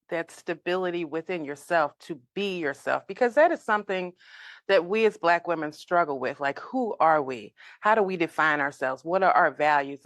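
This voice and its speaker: Woman podcast host, lively up and down voice, dry close mic. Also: fairly low pitch, no echo. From St. Louis. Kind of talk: casual interview.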